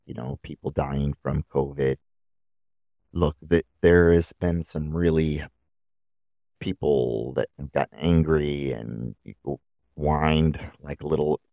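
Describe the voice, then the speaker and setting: A man's voice: a bass voice, creaky, a little mellow, no room sound. A middle-aged man hosting a solo podcast, giving opinions in a rambling way with many restarts. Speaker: podcast host.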